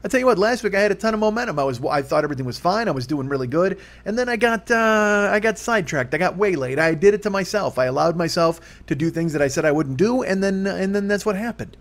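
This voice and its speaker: A man's voice: high voice, lively intonation, fast talker, hardly any pauses. A man in his forties hosting a solo comedy podcast, rambling, swearing freely and poking fun at himself. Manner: rambling, profane, self-deprecating. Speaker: podcast host.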